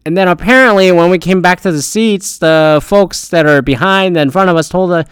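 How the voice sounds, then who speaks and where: A young man tells a story in a loose, rambling way, swearing a lot and plugging gaps with "uh" and "like." His voice is high-pitched, brisk and smooth, recorded cleanly in a studio with no echo.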